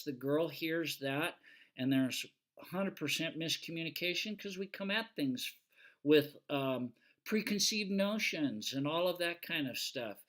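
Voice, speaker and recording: An older man, a retired fire engineer, gives a casual lecture packed with folksy stories and fillers. His voice is a little high and a bit bright, and his manner is homespun and anecdotal.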